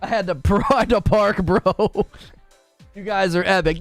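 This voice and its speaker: A man's voice: sits high, steady tone, unhurried, vocal fry, soft background music. A young man from Northern Ohio, a gaming streamer, chatting casually with his live chat, teasing viewers and laughing often.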